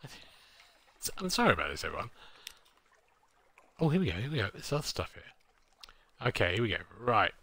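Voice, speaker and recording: Bright-voiced man playing a game. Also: mid-range voice, big pitch swings, unhurried, gravelly, long pauses, slightly rough. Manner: self-deprecating, muttering asides. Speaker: let's play host. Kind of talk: gameplay commentary, reading game text aloud.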